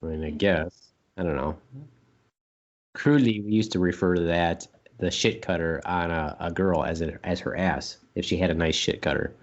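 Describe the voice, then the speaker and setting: A man's voice: low-pitched, moderate pace, dull audio. A man co-hosting a casual podcast chat, rambling and joking, now and then repeating silly words in put-on voices. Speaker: podcast co-host.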